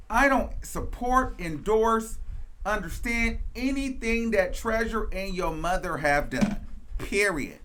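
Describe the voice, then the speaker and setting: A man's voice: high voice, bright, forceful tone. Sassy, profane man ranting. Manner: repeats phrases for emphasis. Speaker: commentary show host. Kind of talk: ranting gossip commentary.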